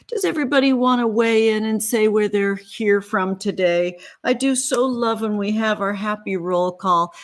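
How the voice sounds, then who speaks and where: Affectionate woman hosting a tarot livestream. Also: mid-range voice. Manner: gushing and affectionate with viewers. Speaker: tarot reader and livestream host. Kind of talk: casual livestream tarot reading.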